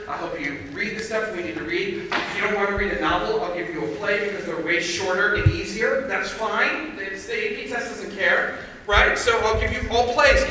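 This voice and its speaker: Bright-voiced man preaching in an echoey hall. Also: high voice, a little hiss or hum. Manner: conversational storytelling, rising to shouts. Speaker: chapel speaker. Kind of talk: sermon. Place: large chapel hall. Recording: echoey hall recorded from far off.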